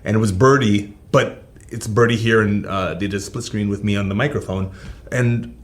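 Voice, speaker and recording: A man's voice: on the low side, steady tone, normal speed. A man chatting casually as a guest voice actor in an interview, easygoing and enthusiastic, often repeating himself.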